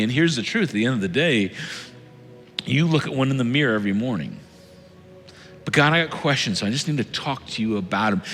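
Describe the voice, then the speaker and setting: A man preaching a sermon as lead pastor, earnest, swinging between loud urging and hushed tones. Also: mid-range voice. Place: church sanctuary. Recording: reverberant church hall with soft music.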